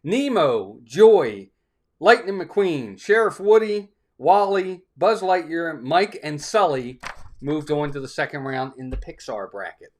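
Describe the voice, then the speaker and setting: Chatty guy hosting a live stream, kinda high voice that bounces all over, super upbeat, reading off chat names. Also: expressive, slow pace. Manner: upbeat, greets chat viewers by name.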